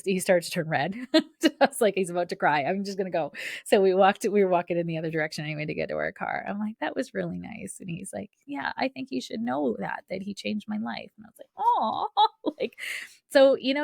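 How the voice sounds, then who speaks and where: A woman's voice: fairly low pitch, creaky, no room sound, clean studio sound. A woman hosting a spiritual podcast, telling a personal story in a chatty, casual way with lots of fillers and restarts. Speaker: podcast host.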